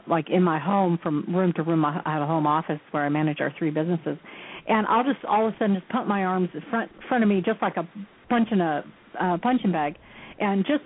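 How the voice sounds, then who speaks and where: Woman, radio host, chatty, lowish voice, tinny, faint hiss. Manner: chatty, conversational. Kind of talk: radio interview.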